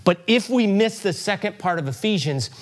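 A middle-aged man preaching a sermon to a congregation in a church, conversational and animated, with asides and rising emphasis. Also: sits high, normal speed. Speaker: pastor.

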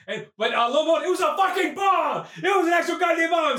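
A man recapping a movie with crude jokes and sudden shouted character voices. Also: very high-pitched, animated, fast, few pauses. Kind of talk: rambling comedic movie recap. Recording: echoey room, far from mic.

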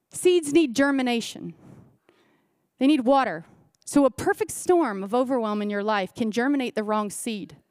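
A woman pastor delivers a sermon with a high, bright-pitched voice. She presses her points with repeated phrases and rhetorical questions to the congregation. The sound is close and dry, with little room echo. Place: church service.

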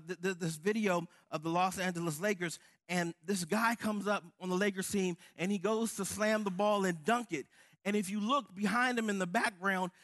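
A man's voice: high voice, fairly bright tone. A man preaching a sermon with fervent, building emphasis. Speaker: pastor.

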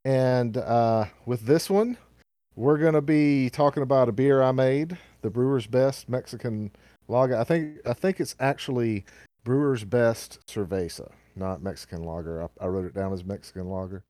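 A man's voice: medium pitch, normal speed, dark tone, dry recording, clean studio sound. A man with a Southern US accent co-hosting a casual podcast, rambling with lots of fillers and restarts. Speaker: podcast co-host.

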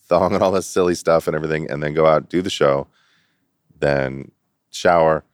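In a relaxed interview, a middle-aged guest with an extremely deep voice tells a story at a moderate pace, laughing easily and acting out the voices of the people he quotes. His tone is clean, and the recording is dry and close with no room sound.

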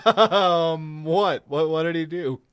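A man's voice: a little high, slow, clean tone, no room sound, clean studio sound. A man co-hosting a podcast, telling a long story in a rambling, profane way full of restarts. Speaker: podcast co-host. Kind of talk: casual chat.

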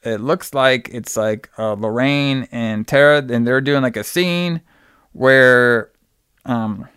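A man's voice: mid-range voice, slow pace, a bit bright, smooth, dry recording, studio quality. A man casually retelling a movie plot, rambling with fillers and restarts. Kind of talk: casual movie recap chat.

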